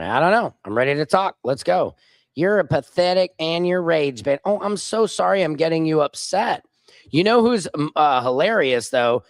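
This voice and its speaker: Man, livestream host, mocking, combative, slightly high voice, dry close sound. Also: no echo. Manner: combative, mocking, reads chat comments aloud. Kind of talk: casual political livestream rant.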